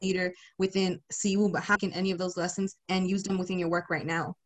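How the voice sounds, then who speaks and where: A woman's voice: fairly low pitch, little pitch movement, fast. A young woman hosting a podcast, upbeat and chatty, with lots of fillers. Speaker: podcast host.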